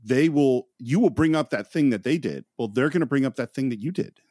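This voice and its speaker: A man co-hosting a podcast in a casual film discussion, who retells scenes in an animated way. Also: mid-range voice, a little fast, no room sound, clean studio sound. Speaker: podcast co-host.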